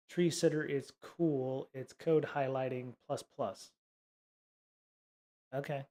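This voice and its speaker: A man's voice: mid-range voice, steady tone, drawn-out words, long pauses, darkish tone. A man hosting a casual livestream coding lesson, rambling with many fillers and sarcastic asides. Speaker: livestream host teaching coding.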